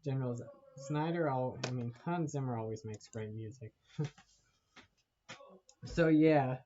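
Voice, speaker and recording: A man's voice: mid-range voice, unhurried, lo-fi sound, noisy background. A man giving a casual, rambling movie rant to camera, laughing often and swearing as he talks. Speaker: vlogger.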